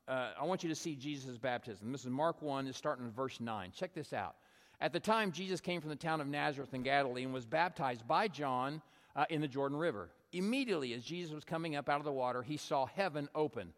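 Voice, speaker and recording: A male pastor preaching in a relaxed, conversational way, telling stories and often asking "right?" to keep listeners with him. His voice sits a little high for a man. The sound carries the long reverb of a large hall. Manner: conversational storytelling, frequent "right?" tag questions. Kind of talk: sermon.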